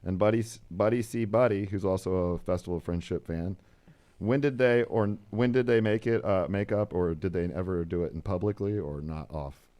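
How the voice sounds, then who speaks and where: A man's voice: low voice, normal speed, warm tone. A man co-hosting a podcast in casual chat, laid-back, reading out listener questions.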